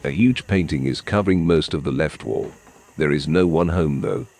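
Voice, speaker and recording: A man telling a scripted story in a measured, dramatic way. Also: very deep voice, expressive, creaky, darkish tone. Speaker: storyteller narrating a game video.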